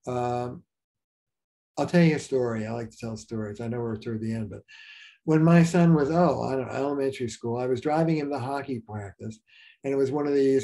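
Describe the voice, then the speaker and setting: Frank older man, dark mellow voice. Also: mid-range voice, a little fast. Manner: frank, storytelling, frequent restarts and fillers. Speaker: marriage therapist, guest. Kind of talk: casual interview talk.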